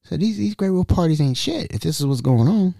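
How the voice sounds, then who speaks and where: Podcast host, man, laid-back slangy storyteller, mellow voice, very lively pitch. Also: fairly quick, creaky, no room sound, clean studio sound. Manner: animated, slangy, acts out the people he quotes. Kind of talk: casual storytelling.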